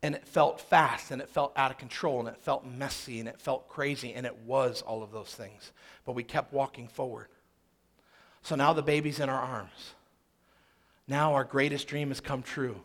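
A man's voice: medium pitch, steady tone, moderate pace, a bit bright. A man in his thirties telling a personal story in a sermon, emphatic and fond of repeating phrases for rhythm.

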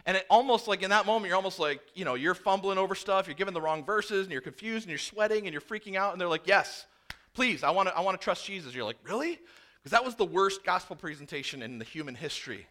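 A man's voice: high-pitched, fast talker. A male pastor preaching a sermon to his church, telling stories and acting out conversations. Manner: animated storytelling, acting out dialogue.

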